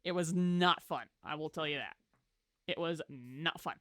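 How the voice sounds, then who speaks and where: Bright-sounding streamer rambling playfully to chat while gaming, close dry mic, yells now and then. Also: mid-range voice, unhurried, no echo. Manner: chatty and playful, talking to chat and pet; bursts into loud exclamations. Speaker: live streamer. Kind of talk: casual gameplay chat.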